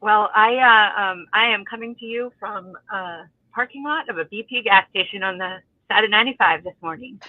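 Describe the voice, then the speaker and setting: A woman's voice: medium pitch, moderate pace, few pauses, dry recording. A woman co-hosting by phone from a parked car, upbeat and giggly. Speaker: co-host calling in. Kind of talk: casual chat. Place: parked car at a gas station. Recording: tinny phone line.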